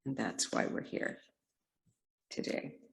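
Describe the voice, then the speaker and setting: A woman guest speaker telling a story as a sermon, expressive and giving each character a voice in the quotes. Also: slow, rough recording. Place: congregation sanctuary.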